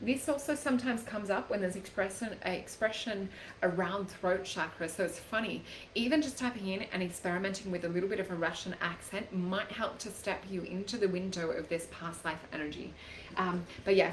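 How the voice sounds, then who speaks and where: A woman hosting a live psychic reading show, talking gently and casually with lots of fillers like "like" and "um". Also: medium pitch. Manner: gentle, chatty, many fillers like "like" and "um". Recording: echoey room, faint background noise.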